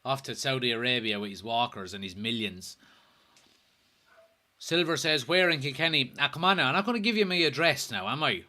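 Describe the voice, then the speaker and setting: A man's voice: medium pitch, expressive, brisk, sharp tone. An Irish man hosting a casual football watchalong livestream, joking, swearing and reading viewer comments aloud. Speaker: host.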